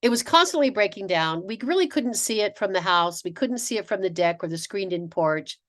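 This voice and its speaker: A middle-aged woman giving a webinar presentation to dentists. She tells stories in an animated way, acting out quotes and often restarting her sentences. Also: mid-range voice, a little fast. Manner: animated storytelling with acted-out quotes, frequent restarts. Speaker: dental practice consultant.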